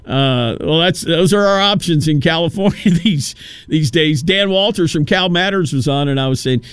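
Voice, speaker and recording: Male talk radio host, casual rambling monologue, smooth resonant voice, dry studio sound, slightly high pitch. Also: moderate pace, a bit bright, no room sound. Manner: rambling, storytelling with acted-out quotes.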